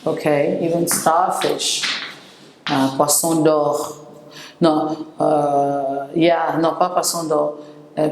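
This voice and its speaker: Woman, Senegalese French accent, English teacher, slow careful pronunciation drills, roomy echo. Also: deep voice. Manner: switches between English and French, repeats words slowly for pronunciation. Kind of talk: classroom vocabulary lesson.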